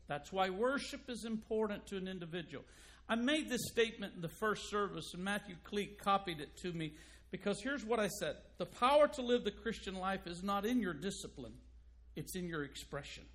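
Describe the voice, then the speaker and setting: Male pastor preaching, higher-pitched voice, emphatic and building to loud peaks. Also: animated, normal speed. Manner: emphatic preaching, rising loud on key points. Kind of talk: sermon.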